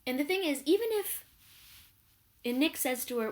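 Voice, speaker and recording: Woman vlogger, exasperated profane ranter, pitch swinging wildly. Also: animated, moderate pace, pauses often. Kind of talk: ranting reality TV recap.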